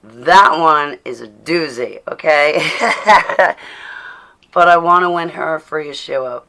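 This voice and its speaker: A woman with a low, gravelly voice hosts a casual livestream from home. She chats warmly and directly with viewers, calling them by name and laughing as she goes. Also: slow pace. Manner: chatty, addresses viewers by name, laughs often. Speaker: livestream host. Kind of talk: casual live chat to viewers. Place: indoors at home.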